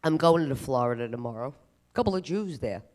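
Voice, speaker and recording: A man's voice: medium pitch, fairly quick. A man performing a self-deprecating stand-up comedy routine on stage. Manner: animated, self-deprecating delivery. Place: live comedy stage at a museum event.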